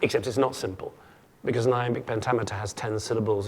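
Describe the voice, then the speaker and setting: A man's voice: fairly low pitch, steady tone, quick pace, darkish tone. A man giving a humorous keynote lecture to an audience, playful and jokey, often stumbling and restarting his sentences. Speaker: keynote speaker.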